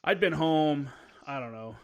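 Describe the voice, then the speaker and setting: A former Marine sits in as a podcast guest and talks in a slightly high, relaxed voice. He swears freely and acts out the people in his stories as he goes. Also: a little slow, clear, resonant tone, dull audio. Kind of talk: casual storytelling.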